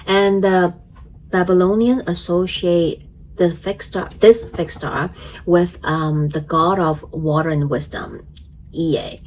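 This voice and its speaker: Slow, gentle, giggly woman astrologer. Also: lowish voice, fairly even intonation, low-quality recording. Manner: gentle, chatty, giggly, many fillers. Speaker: astrologer and tarot reader, channel host. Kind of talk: casual astrology forecast and tarot reading.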